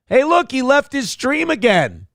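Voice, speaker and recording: A man's voice: extremely high pitch, huge pitch swings, a little slow, a bit bright, no echo, clean studio sound. A man hosting a show, reacting to a clip with angry, mocking commentary full of swearing. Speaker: show host.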